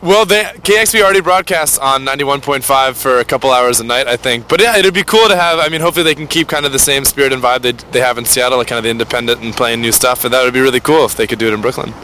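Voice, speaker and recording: Young male musician, quick crisp delivery, relaxed interview talk outside with faint traffic. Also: medium pitch. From New Jersey. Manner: easygoing, quick and chatty. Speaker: band member. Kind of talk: casual interview chat.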